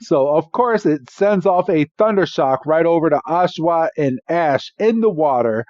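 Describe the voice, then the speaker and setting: A man's voice: on the high side, animated, moderate pace, a little mellow, no echo, dull audio. A man co-hosting a podcast, recapping an episode in casual chat, chatty and laughing often with lots of filler words. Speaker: podcast co-host.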